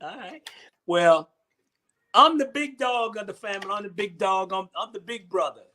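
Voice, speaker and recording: High, bright-voiced rambling man. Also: moderate pace. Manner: rambling, repeats himself, laughs often. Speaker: host. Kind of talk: casual comedic chat.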